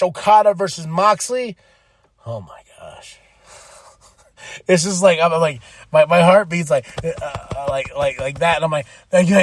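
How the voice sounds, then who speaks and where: Brief: a fairly high-voiced male podcast host, excitable and rambling, with a dry, close sound. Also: dry recording. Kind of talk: casual recap chat.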